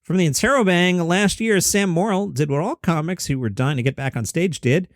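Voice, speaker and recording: A man's voice: high voice, brisk, no echo, clean studio sound. A man hosting a comedy news podcast, chatting through headlines casually and thinking aloud with asides. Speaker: podcast host.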